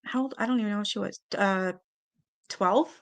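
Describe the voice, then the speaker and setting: A woman hosting a live-stream panel, chatting casually and reading viewer comments aloud with quick asides. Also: medium pitch. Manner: chatty, animated, quick asides and little laughs.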